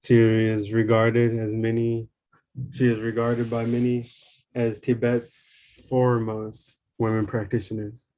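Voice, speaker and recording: A man reading a spiritual memoir aloud in a calm, measured way. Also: mid-range voice. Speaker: reader.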